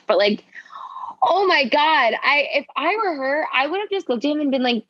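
A woman's voice: sits high, lively intonation, normal speed, a bit bright, no echo, lo-fi sound. A woman co-hosting a casual recap podcast, talking bluntly and profanely and cracking jokes. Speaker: podcast co-host. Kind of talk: casual reality-TV recap chat.

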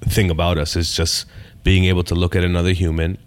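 Casting: male comedian guest, very low voice, laid-back and profane, casual podcast chat. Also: flat delivery, fast, clear, resonant tone. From Canada. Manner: laid-back, swears freely, repeats phrases.

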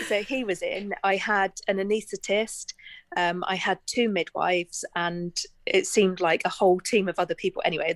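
A woman's voice: on the low side, no room sound. A woman from Bristol, telling a personal anecdote in a chatty way and laughing often. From Bristol, England. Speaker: guest telling a story. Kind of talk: casual anecdote.

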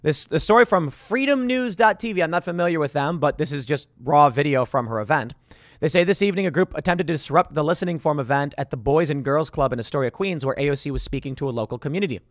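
A man from Chicago hosts a commentary show, talking over news clips in a sarcastic, indignant way. His voice sits a little high for a man. The recording is dry and close, with no room sound. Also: expressive, fast, no echo. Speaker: political commentary host.

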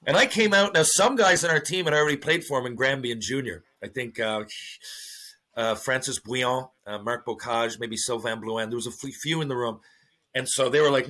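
A man, a former hockey player, telling profane, animated stories in a casual podcast interview. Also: medium pitch, brisk. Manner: profane, animated storytelling with acted-out quotes.

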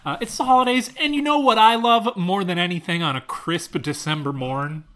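A man's voice: high voice, fairly quick, very noisy. A man co-hosting a casual chat over a video call from his home kitchen, riffing playfully and laughing often. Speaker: co-host.

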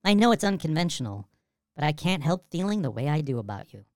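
A man's voice: a little high, sing-song, fast talker, no room sound, studio quality. A man voicing a lonely, lovesick female ghost in a comedic script reading, his voice shifted to sound female in editing. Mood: longing.

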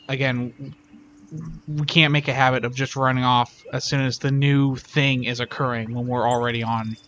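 A man's voice: medium pitch, pushed and bright, dull audio, a little hiss or hum. Brief: male player, casual and practical, mid voice. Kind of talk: casual tabletop game play.

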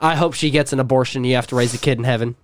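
A man's voice: mid-range voice, steady tone, very fast. A young man co-hosting a podcast, wisecracking and laughing in rowdy casual chat. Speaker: podcast co-host.

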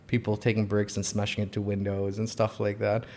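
A man's voice: fairly low pitch, monotone, brisk, darkish tone. A man chatting casually, talking lightly and often breaking into laughter between phrases. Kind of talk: casual conversation.

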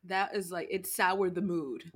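A woman with a fairly low voice talks through her thoughts on a podcast. Her sentences wander and restart, padded with fillers, in an easy conversational tone. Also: fairly even intonation. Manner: rambling, halting, many fillers and laughs. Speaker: podcast co-host. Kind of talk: casual chat.

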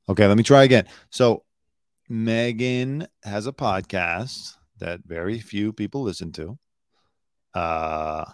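A man's voice: fairly low pitch, expressive, slow pace, no room sound, clean studio sound. A man hosting a casual live-stream news commentary, talking bluntly and opinionated, swearing freely and rambling with asides. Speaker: host, former entertainment news producer.

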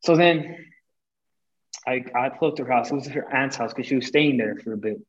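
A man's voice: medium pitch, fairly quick, highs cut off. Young man telling a heated profane story. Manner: animated, profane, acts out quoted lines. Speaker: podcast guest. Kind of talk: casual storytelling.

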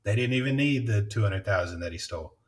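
A man's voice: fairly low pitch, animated, fast talker, recorded from a distance. A man hosting a podcast, chatting casually and rambling, swearing often and laughing. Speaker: podcast host. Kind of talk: casual chat.

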